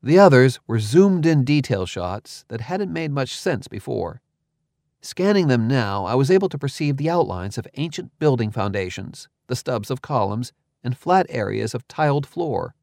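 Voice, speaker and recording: Casting: male audiobook narrator, first person, measured, dry close mic. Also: medium pitch, big pitch swings, creaky, darkish tone, no room sound.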